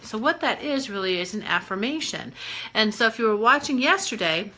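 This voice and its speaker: A woman coaching viewers through a casual self-help live stream. Her voice sits a little high and rings bright and forceful. She talks in a chatty, playful and encouraging way. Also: animated, moderate pace, low-quality recording. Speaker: life coach and hypnotist. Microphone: webcam or phone on a live stream.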